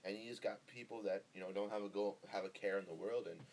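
A man's voice: lowish voice, steady tone, fast, darkish tone, a little hiss or hum. A young man from Northern California hosting his own podcast in a rambling, profane, laid-back solo monologue full of fillers, speaking close into the mic. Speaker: podcast host. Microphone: close podcast microphone.

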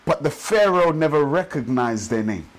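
A man preaching a sermon in a church service, building rhythm with repeated phrases and slowing down to stress his points. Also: a little high, expressive, rough recording. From Nigeria. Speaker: pastor.

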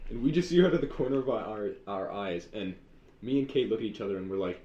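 A young man telling a childhood story in casual chat, slangy and animated, saying dude a lot. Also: lowish voice, fast. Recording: roomy, dull sound with faint ambience.

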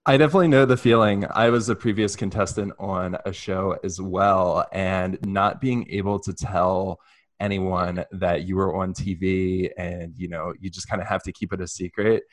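Guy hosting a laid-back interview, lowish voice, super chatty and gushing. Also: steady tone, moderate pace. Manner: chatty and effusive, asking long rambling questions. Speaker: podcast host. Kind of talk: casual interview.

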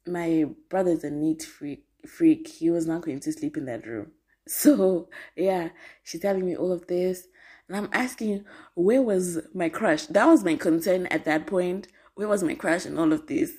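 Young woman host, low husky voice, lively casual storytelling with frequent laughter. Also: measured pace. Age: 20s. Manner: animated, laughs often, slangy asides. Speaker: podcast host.

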